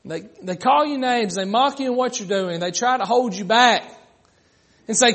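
A man's voice: high-pitched, very animated, moderate pace, a bit bright. A man preaching a sermon, acting out the mocking voices of critics.

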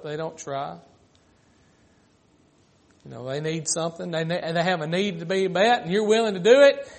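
A man's voice: fairly high pitch, gravelly. A man preaching a sermon, acting out the mocking voices of critics.

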